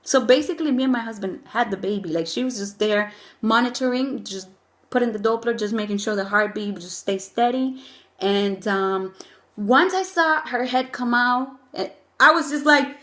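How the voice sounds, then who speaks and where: A young woman tells a personal story in a loose, chatty way. She gushes and leans on "like" and "oh my God" fillers while keeping her voice at a middle pitch. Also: moderate pace. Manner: animated, gushing, many "like" and "oh my God" fillers. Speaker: new mother telling her birth story.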